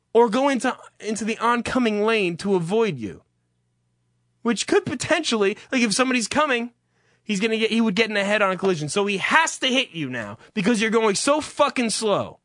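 A man's voice: sits high, fairly bright tone, dry recording, studio quality. A man delivering an exasperated, profane comic rant, swearing heavily as he goes.

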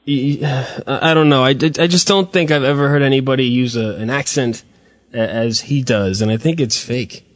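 A man's voice: mid-range voice, moderate pace, no echo. American male host, mid voice, dry close sound, jokey rambling questions. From United States. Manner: joking, self-mocking, rambling questions. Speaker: podcast host. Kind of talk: casual interview chat.

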